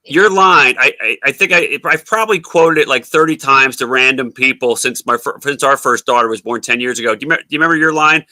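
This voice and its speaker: A comedian co-hosting a casual talk show, animated and joking. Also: male voice, medium pitch, a little fast, few pauses, no room sound. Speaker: comedian co-host. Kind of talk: casual chat.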